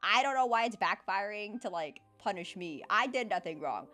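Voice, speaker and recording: A young woman streamer chatting casually, with animated, dramatic, playful complaining and lots of laughter. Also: mid-range voice, normal speed, faint music behind.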